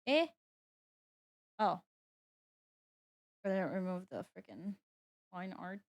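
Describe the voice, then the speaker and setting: A woman's voice: fairly low pitch, animated, slow pace, a little mellow. A young woman streaming live, chatting casually as she works and playfully scolding her cat. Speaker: VTuber streamer. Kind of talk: casual livestream chat.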